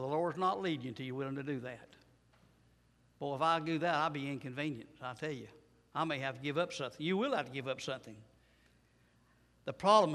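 Older guy preaching, high voice, folksy, gets loud and emphatic, church hall reverb. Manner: folksy storytelling, rising to emphatic bursts. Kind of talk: sermon.

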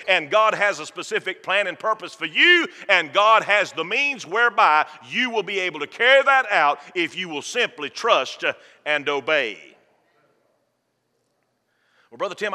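A man preaching in a church, fervent and folksy, cracking jokes with his congregation. His voice sits a little high and rings sharp and forceful. A long reverb trails off the sanctuary walls. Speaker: pastor. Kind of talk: sermon.

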